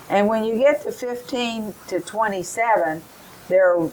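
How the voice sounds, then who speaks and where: A middle-aged woman giving a teacher training lesson, explaining in a slow, careful way and modelling rhyming drills for children. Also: medium pitch, a little hiss or hum, poor audio.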